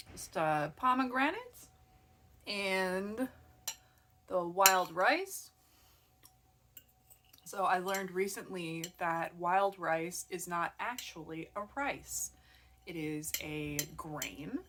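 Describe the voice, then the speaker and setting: A woman's voice: medium pitch, a bit bright, a little hiss or hum. A young woman from Minnesota chatting casually to camera in a vlog, rambling with lots of "like" and sometimes dropping to a mutter. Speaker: vlogger.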